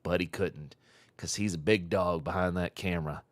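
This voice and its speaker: A man's voice: low voice, moderate pace, no room sound. A man streaming a live reaction, mocking a clip with profane, repetitive commentary. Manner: mocking, profane, repeats phrases for emphasis.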